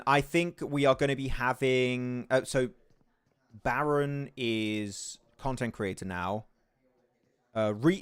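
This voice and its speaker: A man's voice: medium pitch, clear, resonant tone, no room sound. A young man from England casually commentating a mobile esports match on a livestream, reacting to plays and reading chat aloud. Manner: excitable, reads chat aloud. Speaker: esports caster.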